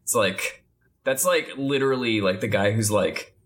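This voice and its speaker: A co-host on a casual podcast who jokes around and laughs often. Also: medium pitch. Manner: jokey, slow, laughs often.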